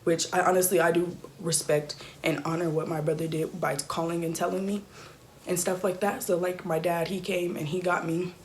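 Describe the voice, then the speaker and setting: Soft-spoken young woman, halting storytime. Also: on the low side, level tone, slight background noise. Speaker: YouTuber. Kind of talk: emotional storytime.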